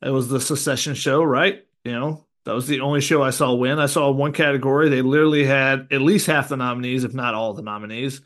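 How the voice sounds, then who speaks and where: A man's voice: mid-range voice, fairly even intonation, fairly quick, hardly any pauses, fairly bright tone. A man co-hosting a casual sports podcast, chatting in a wry, curious and joking way. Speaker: podcast co-host.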